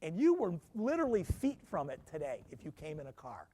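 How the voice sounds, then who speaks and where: A man's voice: on the high side, wildly swooping pitch, a little fast, dark tone. A man, a professor, giving a conversational lecture to alumni, peppering the room with questions and self-deprecating asides. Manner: conversational, quizzing the audience with questions.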